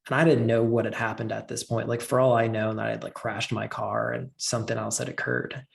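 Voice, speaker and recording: A man's voice: medium pitch, little pitch movement, fairly quick, vocal fry. A man telling a personal story as a podcast guest, earnest and filling his talk with "like". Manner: earnest, heavy use of "like".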